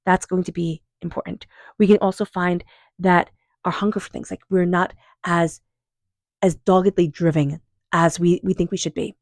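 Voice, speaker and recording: In this tarot reading monologue, the reader is a woman whose voice is low and calm. She speaks without hurry, offers affirmations, and quietly repeats invocations to spirit guides; the recording has no room sound.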